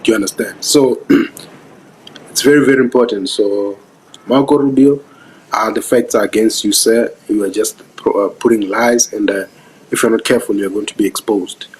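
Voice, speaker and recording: A man's voice: lowish voice, steady tone, normal speed, slight background noise, poor audio. Earnest South African man asking "do you understand". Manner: earnest, preachy. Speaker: vlogger. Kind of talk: casual live-stream commentary.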